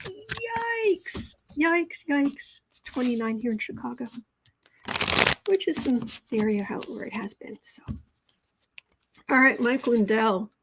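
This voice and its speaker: A woman with a somewhat high voice runs a live political tarot reading and talks casually with her viewers. She reads their comments aloud, fills gaps with ums and restarts, and hammers points home by saying the same word again and again. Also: fairly even intonation, moderate pace, vocal fry, long pauses, noisy background. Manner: emphatic repetition. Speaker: tarot livestream host.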